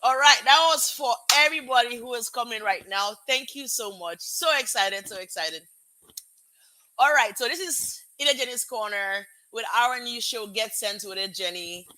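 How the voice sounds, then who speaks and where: A bubbly, excitable woman hosts her live stream, calling out viewers by name in a bright, forceful voice. Her pitch sits a little high, and music plays faintly behind her. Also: moderate pace. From Africa. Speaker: host of a live show. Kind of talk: casual live-stream chat. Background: music playing.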